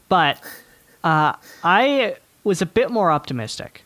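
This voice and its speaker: A man's voice: fairly high pitch, very animated, slow, a bit bright, no echo. A man hosting a casual sports podcast, steering the talk and stressing his points emphatically. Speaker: podcast host.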